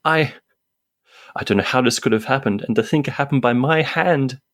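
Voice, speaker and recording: A man's voice: mid-range voice, normal speed, voice pushed up, lightly acted. A man voicing a shaken, grieving actress whose voice wavers and who speaks hesitantly.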